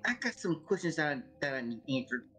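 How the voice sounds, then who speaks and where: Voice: mid-range voice, big pitch swings, fairly quick, bright, forceful tone, soft background music, low-quality recording. A streamer casually speaking a game character's lines, thinking aloud and tripping over words. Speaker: player choosing dialogue. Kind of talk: role-playing dialogue on a game stream.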